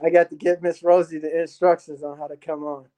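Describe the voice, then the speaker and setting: A man's voice: fairly high pitch, level tone, brisk, very noisy. A man hosting a livestream, talking in a rambling, profane way with laughing asides. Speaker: livestream host. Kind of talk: casual rambling livestream talk.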